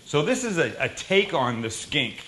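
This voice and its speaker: A man hosts a casual cooking show, telling animated, joking stories as he cooks. His voice is bright and forceful. Faint background noise sits behind him. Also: fairly high pitch, moderate pace, rough recording.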